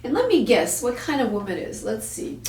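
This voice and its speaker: A woman's voice: fairly high pitch, very animated, a little fast, a little mellow. A woman hosting a parenting talk, telling a story bluntly and with profanity, acting out the voices she quotes. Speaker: parenting show host. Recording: echoey room, far from the mic.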